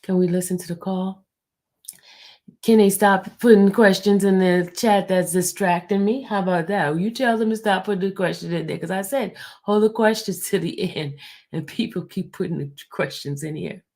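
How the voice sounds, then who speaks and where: A woman hosting a livestream, speaking low and hushed, near a whisper, and answering her viewers in a blunt, defensive way. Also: moderate pace. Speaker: livestream host. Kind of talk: livestream talk answering the chat.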